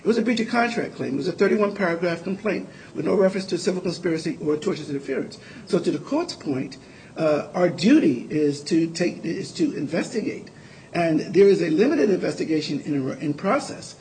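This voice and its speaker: Halting, earnest male appellate lawyer. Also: on the high side, expressive, a little mellow, slight background noise, low-quality recording. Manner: earnest, halting with frequent restarts. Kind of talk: courtroom oral argument.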